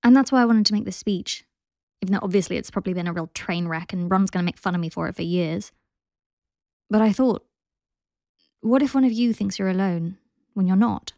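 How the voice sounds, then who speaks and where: A man's voice: high voice, vocal fry, no room sound, studio quality. A woman reading a shy, earnest young man. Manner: soft, embarrassed, often whispered.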